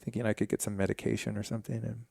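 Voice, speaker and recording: Speaking at a racing pace, a podcast guest in his forties shares a personal story with candid, animated profanity. His lowish voice is creaky, and the recording is dry with clean studio sound.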